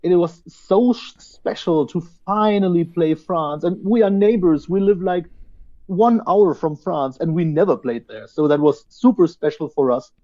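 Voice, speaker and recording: A man's voice: high-pitched, normal speed, dull audio. A male musician giving enthusiastic interview answers, restarting words as he talks, over a remote line. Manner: enthusiastic, repeats words as he starts sentences. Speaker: band singer and guitarist, interview guest.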